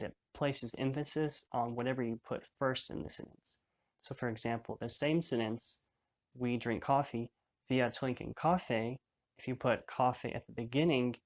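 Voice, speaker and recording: A man teaching a beginner language lesson, explaining each step patiently and in order. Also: mid-range voice.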